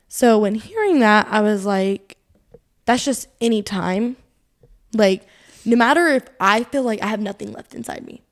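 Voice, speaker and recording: A young adult woman co-hosting a casual faith podcast shares her personal testimony in an earnest, rambling way, saying "like" constantly and voicing her own inner thoughts. She laughs often, and her medium-pitched voice has lively intonation at a moderate pace.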